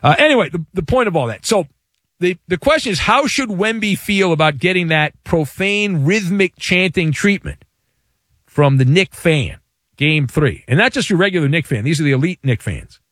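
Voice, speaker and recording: A man hosting a sports talk radio show, delivering a playful, hyperbolic monologue with dramatic pauses. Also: fairly high pitch, expressive, a bit bright, no room sound, studio quality.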